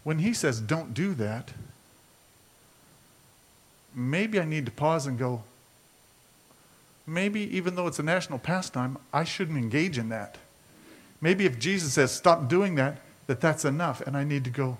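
A man's voice: mid-range voice, animated, normal speed, pauses often. A man preaching a sermon as a pastor, talking conversationally and asking his listeners rhetorical questions.

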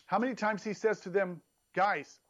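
A man delivers a sermon with emphatic, animated energy, his pitch rising sharply when he stresses a point. His voice sits slightly high for a man. The recording is somewhat dull and lo-fi. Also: normal speed. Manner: emphatic, animated preaching with sudden rises in pitch. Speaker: preacher.

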